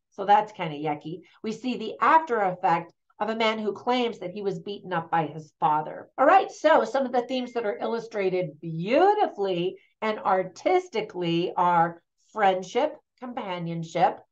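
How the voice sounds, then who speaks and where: A middle-aged woman hosts a relaxed movie review and talks in a friendly, chatty way. Her voice sits at a medium pitch and she laughs lightly between points. The recording sounds a little dull and lo-fi. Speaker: film reviewer and host. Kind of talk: casual spoken movie review.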